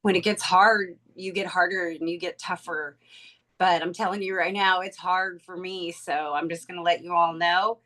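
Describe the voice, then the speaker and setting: A woman's voice: on the low side, fairly even intonation, moderate pace, a bit bright. A woman in real estate speaking earnestly and emotionally on a group video call. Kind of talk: candid sharing on a group call.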